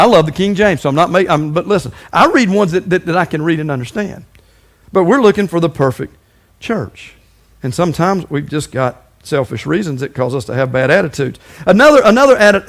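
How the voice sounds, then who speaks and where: A man preaching a sermon as pastor, folksy and conversational, often stumbling and repeating words. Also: on the high side.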